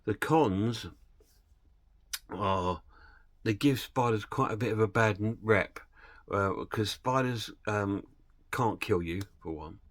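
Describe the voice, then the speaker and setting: A man's voice: fairly low pitch, takes it slowly, pauses often, no room sound. A man casually retelling a film plot and reviewing it, rambling and hesitant with plenty of fillers.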